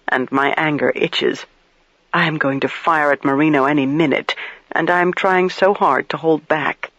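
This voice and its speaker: A man with a slightly high voice reading a crime audiobook in measured first-person narration. The recording is dry with no room sound and a little dull on top. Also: vocal fry, a bit bright, no room sound. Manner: measured, storytelling.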